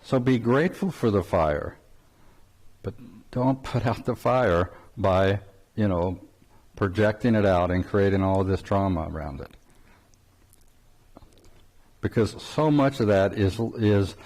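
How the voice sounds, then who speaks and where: An older man leads a spiritual talk, his fairly low voice wandering through a story with restarts. He chuckles often as he speaks. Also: slow, long pauses, darkish tone. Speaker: spiritual teacher.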